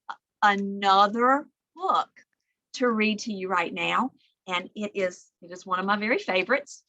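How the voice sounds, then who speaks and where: A woman librarian leading a children's storytime, reading aloud with big animated swings between soft whispers and high calls. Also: no room sound.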